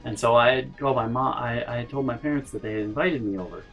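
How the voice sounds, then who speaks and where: A man's voice: medium pitch, fast talker, fairly bright tone, soft background music, rough recording. A young man telling a funny story from his life in a casual, rambling way, with frequent swearing and mock-indignant asides. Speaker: storytelling vlogger.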